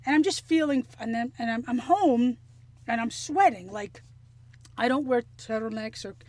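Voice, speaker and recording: A woman telling a story in casual chat, animated and profane, acting out the things people said. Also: on the high side, moderate pace, no echo. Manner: animated, profane, acts out quotes.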